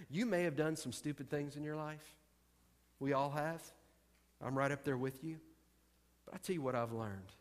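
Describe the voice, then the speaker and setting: A man's voice: on the high side, in a large hall. A middle-aged male pastor preaching a sermon, emphatic and repeating key phrases.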